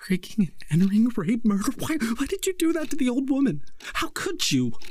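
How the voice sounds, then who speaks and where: A man voicing a grieving, reproachful old mother in a creepy audio story, speaking in a breathy, sobbing whisper. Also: extremely high pitch, big pitch swings, a little fast, a little mellow, voice pushed up, exaggerated voice. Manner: sobbing, accusing.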